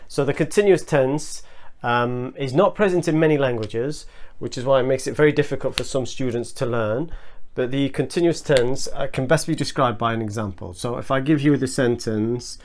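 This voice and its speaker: A man teaching English in a video lesson, explaining at a measured pace and working through spoken examples step by step. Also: medium pitch, darkish tone, a little hiss or hum.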